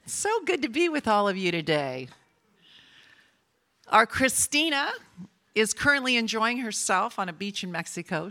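An older woman preaching to a room of women, her voice bright and forward with a slightly low pitch. She talks in a chatty, personal way and teases her listeners now and then. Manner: warm, chatty and personal, teasing with the audience. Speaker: speaker at a women's gathering. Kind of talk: sermon.

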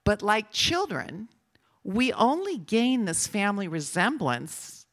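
A woman's voice: medium pitch, very animated, takes it slowly. An older woman, a grandmother, speaking to a women's gathering in a chatty, personal sermon style that teases the audience now and then.

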